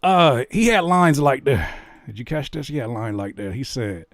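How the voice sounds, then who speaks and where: A man hosting a reaction video, commenting in a casual, mocking way and getting loud when worked up. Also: mid-range voice, moderate pace, gravelly, no echo, clean studio sound. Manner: animated, mocking, exclaims loudly when worked up.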